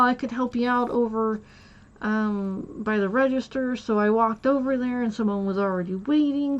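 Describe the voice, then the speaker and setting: Higher-pitched woman rambling through a story. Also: muffled recording. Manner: rambling, retells dialogue with many "I was like". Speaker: streamer. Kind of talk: casual storytelling while gaming.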